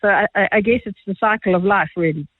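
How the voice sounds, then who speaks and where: A woman with a South African accent, an art auctioneer guest telling lively, chatty anecdotes quickly in a phone interview. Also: medium pitch, no echo. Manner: fast-talking, chatty, animated. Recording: tinny phone line, dry.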